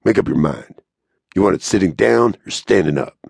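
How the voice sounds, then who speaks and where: A man with a deep, husky voice playing a wiry, snarling gunman who taunts and threatens in a western audiobook. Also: animated, normal speed, darkish tone, dry recording, studio quality, full character voice. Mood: menacing. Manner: menacing, taunting.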